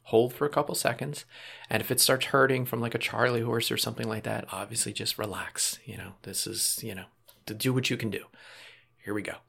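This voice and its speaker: A man calmly guiding listeners through a breathing and muscle relaxation exercise, step by step, with small casual asides. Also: medium pitch, brisk, vocal fry, breathy edge. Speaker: relaxation instructor.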